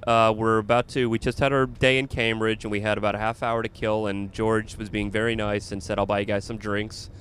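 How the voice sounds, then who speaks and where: A man's voice: fairly low pitch, level tone, brisk, hardly any pauses, fairly bright tone, a little hiss or hum. A man, a comedian, telling a funny story in casual chat and laughing along as he goes. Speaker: comedian and podcast host.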